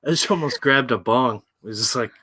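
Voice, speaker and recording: A man's voice: mid-range voice, brisk, bright, forceful tone, husky, no echo. Giggly drunk man on a dry mic. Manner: giggly, laughing through his words. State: drunk and high. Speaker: podcast co-host. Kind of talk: casual late-night chat.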